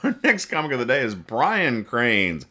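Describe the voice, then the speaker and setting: A man hosting a comedy podcast, casually retelling comic strips with jokey asides and quick quoted voices. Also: mid-range voice, huge pitch swings, bright, forceful tone. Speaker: podcast host reading comics.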